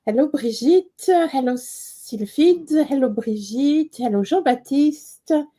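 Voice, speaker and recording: A woman with a French accent hosts a live stream in a slow, unhurried way, often pausing to find her English words. Her voice sits a little high for a woman. She greets her viewers and guest in a casual, halting way. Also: expressive, mellow. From France.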